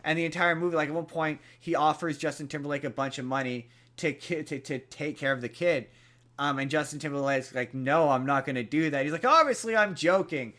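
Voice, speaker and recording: A young man on a casual podcast, slightly higher-pitched than most men. He rambles through a movie plot full of "like" and restarts, getting animated as he goes. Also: a little fast. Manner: rambling retelling of a movie plot with many fillers. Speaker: podcast co-host. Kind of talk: casual chat.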